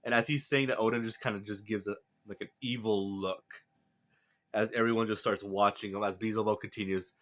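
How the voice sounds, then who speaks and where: A man's voice: fairly low pitch, fairly even intonation, brisk, fairly bright tone. A man casually recapping a manga chapter, enthusiastic and rambling with many fillers.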